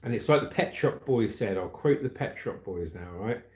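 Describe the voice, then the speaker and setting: In an echoey room, a chatty man in his forties hosts a casual livestream, laughing frequently as he reads out comments and news. His voice is fairly low and darkish, expressive, at a moderate pace.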